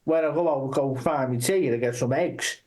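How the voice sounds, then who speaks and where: A panellist voicing a grumbling old boomer who rambles gruffly about his wartime past. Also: brisk, a little mellow, a little hiss or hum, lightly acted.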